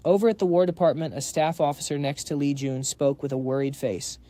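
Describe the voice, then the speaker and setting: A man's voice: on the high side, fairly even intonation, a little fast, warm tone. A man narrating a comic recap in a casual, slangy storytelling voice, reading every part himself.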